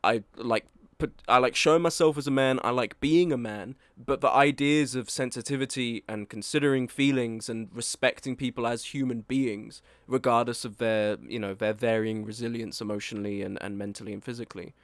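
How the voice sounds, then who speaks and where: This author, a man in his early twenties, comments candidly and informally on a review of his book, wandering off and losing track of his thoughts. His medium-pitched voice has fairly even intonation, and he talks briskly with hardly any pauses on a dry recording.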